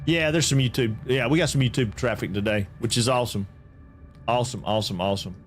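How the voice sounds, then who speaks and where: A man's voice: medium pitch, fast talker. Man, game streamer, rambling and repetitive, talks to chat, faint background music. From Atlanta, Georgia. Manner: chatty, repeats himself, reads out chat. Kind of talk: casual live-stream chat with viewers.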